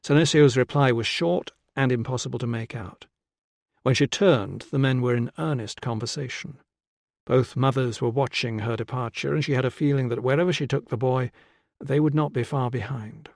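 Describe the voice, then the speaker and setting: A man's voice: mid-range voice, moderate pace, gravelly, darkish tone, dry recording. Man narrating an audiobook, dry sound. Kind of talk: scripted narration. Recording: dry close studio sound.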